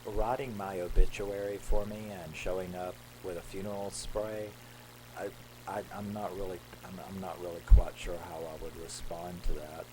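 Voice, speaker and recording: A man's voice: deep voice, fairly even intonation, normal speed, noisy background. A man casually retelling a horror film's plot in a rambling way, acting out the characters' lines. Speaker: horror film reviewer. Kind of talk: casual movie recap.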